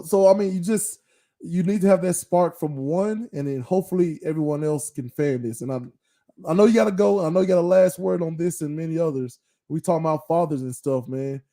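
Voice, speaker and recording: A man's voice: fairly high pitch, warm tone. A middle-aged man co-hosting a podcast, talking earnestly and often checking in with "right?". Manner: earnest, repeats points, asks "right?" often. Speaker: podcast co-host. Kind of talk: casual chat.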